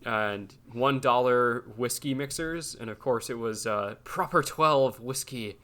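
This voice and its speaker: A man's voice: medium pitch, unhurried, sharp tone. A man co-hosting a podcast, telling a rambling, profane story in a loose, casual way. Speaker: podcast co-host.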